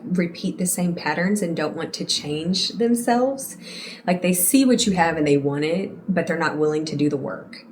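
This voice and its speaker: A woman's voice: lowish voice, a little mellow, slight background noise. A woman in her late twenties hosting a podcast alone, talking candidly and casually to her listeners, calling them y'all and swearing now and then. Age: late 20s. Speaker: podcast host. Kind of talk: casual solo podcast monologue.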